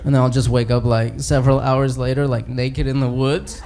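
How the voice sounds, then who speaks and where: Brief: comedian putting on a rambling, apologetic big green hero, low, halting, filler words everywhere. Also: male voice, little pitch movement, creaky, close to an everyday voice. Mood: sheepish. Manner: mumbling, hesitant, full of "uh" and "like". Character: sheepish, rambling giant green hero in human form, male. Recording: noisy live stand-up recording.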